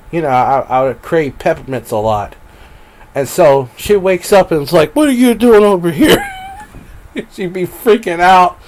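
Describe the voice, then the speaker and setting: A man's voice: medium pitch, darkish tone. Guy rambling on a live stream at his desk, talks to himself, laughs a lot, wanders off topic. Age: adult.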